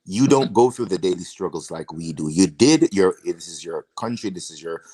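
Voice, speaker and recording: A man's voice: sits low, lively intonation, moderate pace, warm tone, husky. A man hosting a casual discussion, reflective and posing rhetorical questions. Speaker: discussion host.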